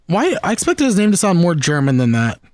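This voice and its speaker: Excitable guy talking gear. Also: sits high, fairly quick. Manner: rambling, restarts often, excited about gear. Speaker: podcast host. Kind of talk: casual gear chat.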